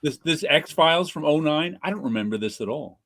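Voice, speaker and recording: A man's voice: a little high, animated, brisk, a bit bright. A man co-hosting a casual chat, laid-back, giving short replies and laughing easily. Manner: laid-back, chuckles often, brief replies. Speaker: co-host.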